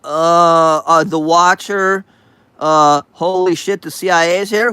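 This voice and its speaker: A man's voice: fairly high pitch, steady tone, slow, bright, forceful tone, clean tone, no echo. A man hosting a livestream, reading chat aloud with crude sarcasm and frequent hesitations. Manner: sarcastic, profane, hesitant with many uhs.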